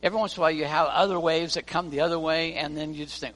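In a church, a pastor preaches a sermon by telling stories and performing the voices of the people in them. His voice is on the high side and a bit bright, with fairly even intonation and a racing pace. The recording carries the long reverb of a church hall and faint music.

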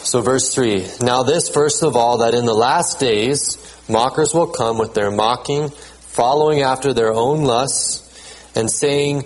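A man preaching a sermon in a conversational way, often repeating words and checking in with the congregation, and reading scripture aloud at a measured pace. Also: mid-range voice, low-quality recording. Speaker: pastor.

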